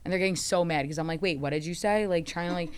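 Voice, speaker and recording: Storytelling in casual chat, this young podcast host is animated, acts out quotes, and swears often. She's a fast talker with a smooth, lowish voice.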